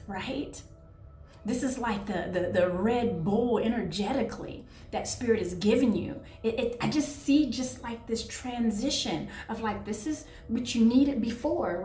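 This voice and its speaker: Here a woman with a higher-pitched voice does a relaxed tarot reading, affectionate and chatty while she hunts for words. There's slight background noise, plus room echo, a somewhat distant mic, and quiet music in the background.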